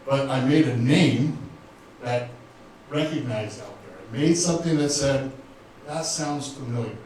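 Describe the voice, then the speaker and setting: A man's voice: medium pitch, unhurried, a little mellow. Earnest older man in an echoey room. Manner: earnest, repetitive, emotional, addresses the crowd directly. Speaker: speaker at a business event. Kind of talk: motivational talk to a live audience. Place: event room with audience. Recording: very echoey room, voice from far off, faint ambience.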